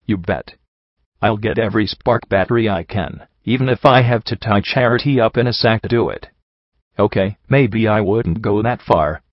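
Cocky young pony mare, read by a man, low voice, dull dry lo-fi sound. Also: normal speed, no room sound, lightly acted. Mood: eager. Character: young female pony adventurer, eager and brash.

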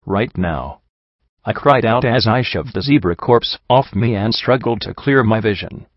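A man's voice: on the low side, animated, a little slow, no room sound, dull audio. A man narrating a dramatic first-person story in an earnest, emotional reading.

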